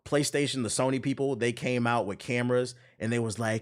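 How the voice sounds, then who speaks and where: A man's voice: medium pitch, steady tone, fairly quick. A man streaming a game while telling a long story in casual, slangy, profane speech. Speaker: gaming streamer.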